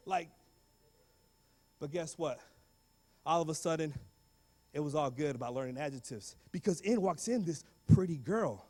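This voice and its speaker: A young guest speaker talks to students in a large school hall, his fairly high voice moving fairly quickly with frequent pauses. The talk is comedic and animated: he plays every character himself and slips Spanish words in along the way.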